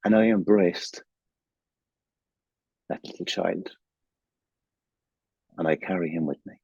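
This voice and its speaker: A man's voice: low voice, takes it slowly, gravelly, long pauses, darkish tone, breathy edge, no echo, highs cut off. An older man with an Irish accent gives a candid, emotional personal testimony at a recovery meeting, swearing freely, over a video call. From Ireland.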